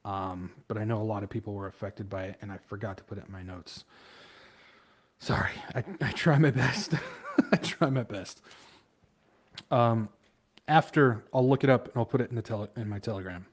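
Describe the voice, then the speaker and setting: A man's voice: on the low side, normal speed. A man hosting a livestream in a casual, rambling way, stumbling over hard words, laughing at himself and trailing off into mumbles. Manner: loose and off the cuff, trails off into mumbles. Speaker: livestream host.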